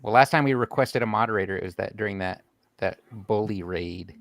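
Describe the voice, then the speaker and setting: A man co-hosting a casual art podcast, dropping wry, deadpan quips. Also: lowish voice, brisk, no echo, clean studio sound. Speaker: podcast co-host. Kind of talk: casual chat while drawing.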